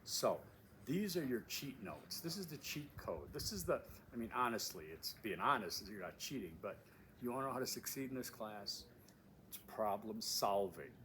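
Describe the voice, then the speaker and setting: With wind blowing across the recording, a man at an outdoor overlook introduces the course he teaches in a casual video. His mid-range, fairly bright voice swings widely in pitch at a moderate pace, and he's emphatic, repetitive with key phrases and full of fillers.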